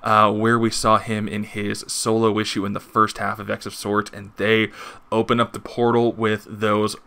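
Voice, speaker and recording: A man's voice: on the low side, completely flat delivery, moderate pace, pushed and bright. A man hosting a casual comic book review, gushing with enthusiasm and reading panels aloud, swearing now and then.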